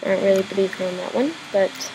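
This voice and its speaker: A woman's voice: mid-range voice, steady tone, fast. A young woman giving casual, rambling commentary while playing a game, muttering and joking to herself. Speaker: gamer. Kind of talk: casual let's-play commentary. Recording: home recording with clear background noise.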